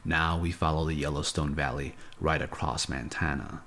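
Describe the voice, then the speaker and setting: A man reading a novel aloud as a live audiobook narrator, in a measured, unhurried way. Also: rumbling low, steady tone, a bit bright.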